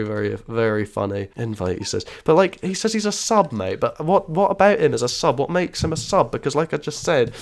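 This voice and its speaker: Male gamer, mid pitch, sneering banter. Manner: sarcastic, mocking, uses "mate" constantly. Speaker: gaming YouTuber. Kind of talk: gameplay commentary and trash talk.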